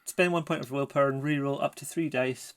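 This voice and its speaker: A man's voice: mid-range voice, fairly even intonation, a little fast, clear, resonant tone. Casual man running a tabletop game. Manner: explanatory, casual, hesitant with fillers. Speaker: game master.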